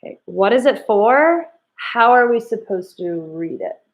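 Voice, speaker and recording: A woman teaching a recorded reading lesson to children, asking slow, emphatic questions and acting out the quoted lines. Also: a little high, lively intonation.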